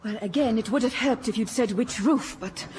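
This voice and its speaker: A woman's voice: on the high side, moderate pace, background noise, lightly acted. A woman playing a melodramatic lost sweetheart. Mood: wistful. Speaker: lead character in radio sitcom. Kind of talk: radio comedy acting.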